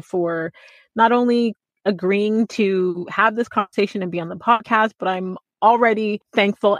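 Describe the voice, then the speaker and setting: A woman's voice: mid-range voice, no echo. A woman hosting a podcast, reading a guest's introduction, then thanking her effusively and asking about her childhood. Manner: warm, gushing, effusive thanks. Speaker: podcast host. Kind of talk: interview hosting, scripted intro.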